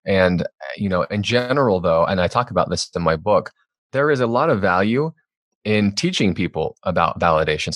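A deep-voiced man, an author appearing as a podcast guest, talks candidly and reflectively in a conversational interview, growing animated when he acts out quotes. The studio sound is clean, with no echo.

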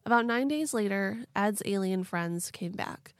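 A woman's voice: medium pitch, lively intonation, a little slow, dry recording. Chatty woman telling a story, dry close mic. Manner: chatty, swears casually, laughs a lot. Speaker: podcast host. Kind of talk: casual storytelling podcast.

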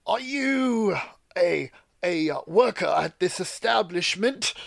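A man's voice: high-pitched, expressive, takes it slowly, creaky, a bit bright, no room sound, clean studio sound, heavily acted. A man voicing a pompous, self-assured male adventurer with a grandiose, florid way of talking. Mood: indignant.

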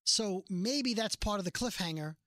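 At a medium pitch and normal speed, a middle-aged woman co-hosting a podcast spins stories with lively emphasis during a casual conversation. The audio is studio quality, without any room sound.

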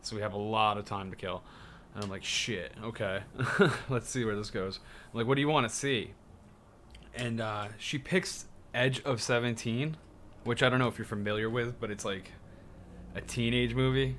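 Young guy, casual storyteller, rambly, filler-heavy, medium-pitched voice. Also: steady tone, normal speed, a bit bright, a little hiss or hum. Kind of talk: casual chat.

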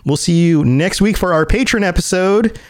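A man's voice: high voice, normal speed, no echo, clean studio sound. A man hosting a podcast in casual chat, rambling and laughing easily as he talks. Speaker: podcast host.

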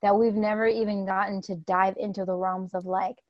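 A woman's voice: medium pitch, little pitch movement, moderate pace, dry recording, dull audio. A woman money coach hosting an interview, gushing, tearful at times and swearing casually. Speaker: money coach and podcast host. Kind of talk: emotional conversational interview.

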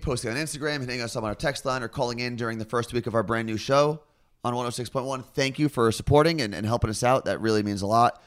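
A man's voice: medium pitch, a bit bright. A man co-hosting a podcast from an apartment, teasing his partner dryly in casual banter. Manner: dry, teasing. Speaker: radio morning show co-host.

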